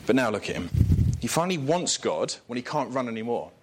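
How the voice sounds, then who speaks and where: A man's voice: medium pitch, sing-song, a little fast, slight background noise. A man preaching a sermon in a conversational way, joking and chuckling between points and asking the listeners rhetorical questions.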